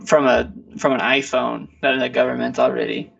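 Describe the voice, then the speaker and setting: A man's voice: mid-range voice, flat delivery, moderate pace, gravelly, a bit bright, recorded from a distance, muffled recording. A man co-hosting a podcast, talking in a laid-back, rambling way with lots of fillers and restarts. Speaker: podcast co-host. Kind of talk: casual chat.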